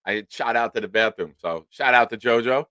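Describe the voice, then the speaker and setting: With a clear, resonant, medium-pitched voice at a moderate pace and no room sound, a man runs a relaxed sports livestream. He curses freely and gets animated while calling out his supporters by name to thank them.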